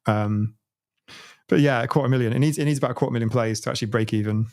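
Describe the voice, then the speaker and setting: A man's voice: mid-range voice, fast talker, darkish tone, no room sound, studio quality. A British man chatting casually on a livestream from home, rambling and laughing often. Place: at home, watching his stream on a TV.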